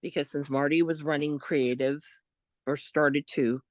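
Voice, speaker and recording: A woman co-hosting a podcast, telling a story in a casual, animated way, quoting what others said. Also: sits low, measured pace, dry recording. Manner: animated retelling, quotes others, laughs often. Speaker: podcast co-host.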